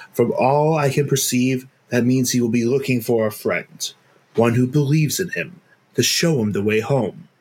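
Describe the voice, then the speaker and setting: Guy putting on a grave old wizard, deep and distinguished, slow solemn delivery, fan game read. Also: husky. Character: old wise male wizard, calm and grave.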